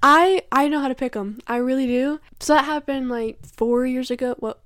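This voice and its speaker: A young woman tells a dating story on a casual podcast. Her voice sits a little high and the sound is dry and close. She keeps it animated and laughs often. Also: moderate pace, dry recording. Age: 20s. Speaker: podcast co-host. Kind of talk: casual chat.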